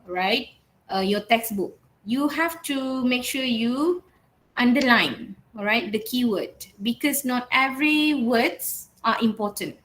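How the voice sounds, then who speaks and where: A woman's voice: fairly high pitch, a bit bright, a little hiss or hum, low-quality recording. A woman lecturer teaching an online class, checking in often with "all right" and "okay" and stressing keywords as she repeats them. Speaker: university English lecturer.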